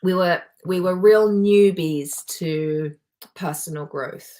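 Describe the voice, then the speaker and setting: A woman speaks in a notably low voice, leading a live motivational session as a life coach. She sounds heartfelt and openly emotional, talking in a personal, confiding way. She is in her forties. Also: takes it slowly, dark tone. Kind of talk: live motivational talk to an audience.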